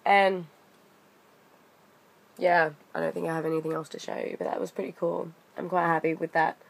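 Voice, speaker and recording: A woman's voice: sits low, level tone, fast talker, vocal fry, husky. A young woman telling a story in a casual vlog, chatty and indignant, with frequent fillers. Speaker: vlogger.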